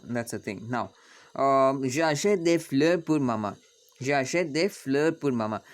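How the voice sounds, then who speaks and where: A man teaching a French grammar lesson to students, patient and repetitive, often checking in with "okay?". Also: medium pitch.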